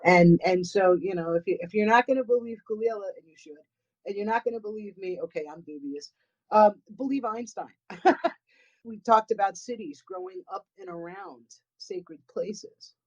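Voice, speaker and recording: A woman's voice: medium pitch, moderate pace. A woman with a New England accent, a guest paranormal investigator chatting casually and rambling, often repeating words and restarting. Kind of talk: casual chat. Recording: dull lo-fi audio.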